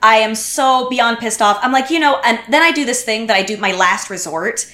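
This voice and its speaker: A woman's voice: fairly high pitch, fairly quick. A woman guest on a podcast, telling a story in casual chat and acting out what people said. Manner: animated, acts out what people said. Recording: roomy echo.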